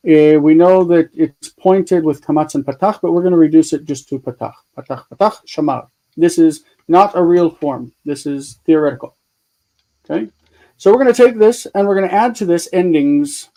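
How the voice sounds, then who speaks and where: A man's voice: fairly high pitch, creaky, dark tone, rough recording. A man teaching a live online grammar lesson over a video call, explaining step by step and thinking aloud as he works his screen. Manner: chatty, thinks aloud while fiddling with screen tools; patient step-by-step explaining with repeated examples.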